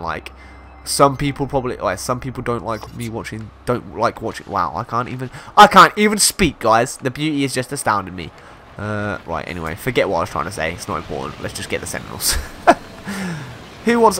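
A young man giving excitable let's-play commentary, exclaiming and laughing often as he plays. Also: lowish voice, slight background noise. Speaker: gaming YouTuber.

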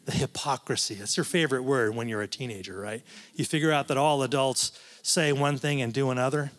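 A man's voice: on the high side, fairly even intonation, normal speed. Conversational man giving a church talk. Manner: conversational, restarts and asides, jokey. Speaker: guest speaker, professor.

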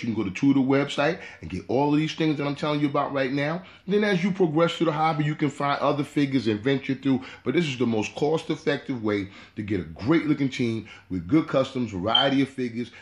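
A man's voice: mid-range voice, a little mellow, muffled recording. A man hosting his own hobby channel, giving a casual, repetitive how-to talk full of "you know". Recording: echoey room.

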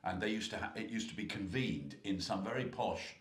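A man's voice: lowish voice, brisk, a bit bright. A man co-hosting a podcast, telling rambling anecdotes with chuckles. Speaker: podcast co-host. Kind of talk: casual chat. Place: at a racecourse. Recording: roomy echo.

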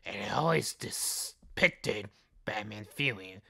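A man with a gravelly, slightly husky voice reads movie trivia at an unhurried pace. His tone is bright and forward, and he breaks in with jokey outbursts between the facts. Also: lowish voice, animated. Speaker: podcast host. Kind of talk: reading movie trivia with comic asides.

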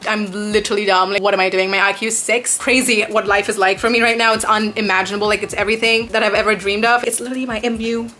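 A woman's voice: mid-range voice, little pitch movement, fast, few pauses, bright, forceful tone, a little hiss or hum. A woman in her early twenties from Dubai, chatting in a casual question-and-answer vlog, bubbly and rambling with dramatic exclamations. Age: 20s. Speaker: vlogger answering viewer questions.

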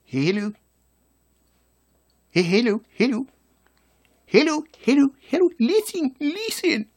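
A man putting on a frightened, childlike person who pleads over and over in a squeaky voice. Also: sing-song, slow pace, heavily acted.

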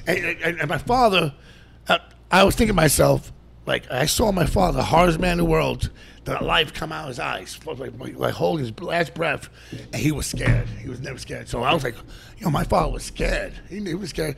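A middle-aged man, a podcast guest telling stories in a loud, animated way and swearing freely. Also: fairly high pitch, a little fast. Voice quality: gravelly, animated, swears a lot and shouts during stories. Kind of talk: casual storytelling.

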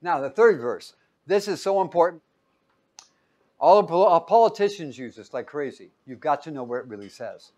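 A man preaching a Bible-teaching sermon, reading verses loudly and pausing for his listeners to call out the missing word. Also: fairly high pitch, lively intonation. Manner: quizzing listeners with fill-in-the-blank questions; emphatic, loud when reading scripture aloud.

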